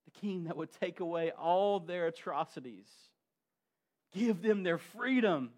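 A man's voice: high-pitched, measured pace. Man preaching with big dynamic swings. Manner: preaching with swings from quiet to loud. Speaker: pastor. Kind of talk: sermon.

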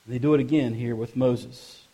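A man preaching a sermon in a church service and reading scripture, swinging from soft, low asides to loud, emphatic passages, with repeated phrases for emphasis. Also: fairly even intonation, normal speed, creaky, husky. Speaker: pastor.

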